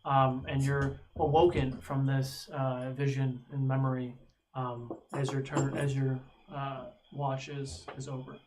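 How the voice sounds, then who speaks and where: A man narrating a tabletop game as game master, pausing often with ums and uhs. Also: medium pitch, level tone, background noise. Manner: halting, many ums and uhs.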